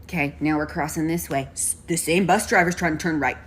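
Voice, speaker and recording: A young woman telling a story in casual, profane speech, switching to high put-on voices for the people she quotes. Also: steady tone, fairly quick, slight background noise.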